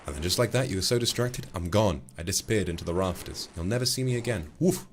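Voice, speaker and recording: Playful man, low voice. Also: animated, fast, a little hiss or hum. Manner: playful, flirty, teasing. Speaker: streamer. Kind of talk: casual livestream chat, thanking donors.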